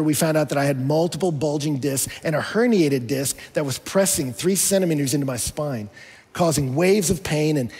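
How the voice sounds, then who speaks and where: A man's voice: fairly high pitch, darkish tone, husky, big-room sound. A man preaching a sermon as a pastor, telling a story in a conversational way with touches of humor.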